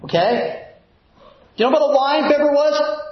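A man's voice: very high-pitched, normal speed. A man preaching a sermon to his congregation from the pulpit, asking the room rhetorical questions. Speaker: pastor. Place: church sanctuary. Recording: echoey, dull church recording.

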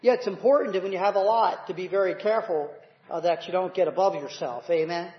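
Man, pastor, preaching, high voice, echoey dull recording. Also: fast talker. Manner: preaching with calls of "Amen?" to the congregation. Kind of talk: sermon. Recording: roomy, dull church recording.

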